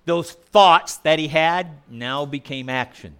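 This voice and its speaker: A man's voice: a little high, slow, fairly bright tone, clear, resonant tone. A male preacher giving a sermon in a conversational way, putting questions to the congregation.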